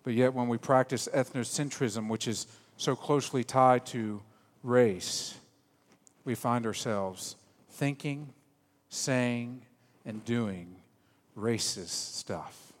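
A man preaching a sermon in a church, animated and joking, then dropping to quiet, low emphasis. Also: slow, big-room sound. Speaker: pastor. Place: church sanctuary.

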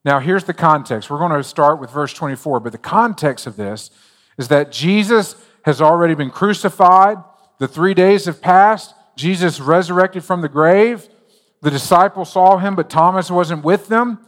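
Joking pastor preaching in a reverberant hall. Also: male voice, a little high, moderate pace. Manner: conversational, joking storyteller. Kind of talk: sermon.

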